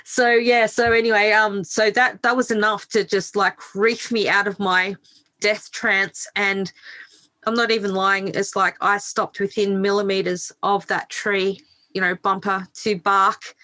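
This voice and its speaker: A woman's voice: mid-range voice, flat delivery, a little slow, sharp tone. A middle-aged woman speaking as a podcast guest, telling her own story frankly and swearing freely. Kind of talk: candid interview storytelling.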